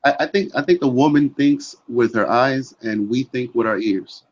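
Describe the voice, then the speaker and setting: Guy in a casual chat, stumbles over his words a lot, muffled lo-fi sound. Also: mid-range voice. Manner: halting, repeats words as he starts sentences. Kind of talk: casual conversation. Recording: dull lo-fi sound.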